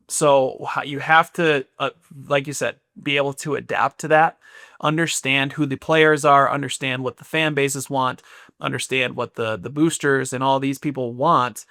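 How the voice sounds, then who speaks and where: A man in his thirties co-hosting a podcast, talking in an easygoing, agreeable, measured way as a former player. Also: mid-range voice, bright, forceful tone, no echo, studio quality. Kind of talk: casual chat.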